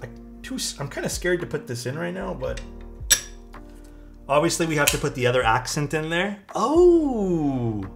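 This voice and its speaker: A man's voice: a little high, animated, a little fast, gravelly, long pauses, fairly bright tone. A man talking casually on a live stream as he unboxes keyboard parts and thanks his chat. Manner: thanks chat, muses aloud while unboxing. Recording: faint music behind.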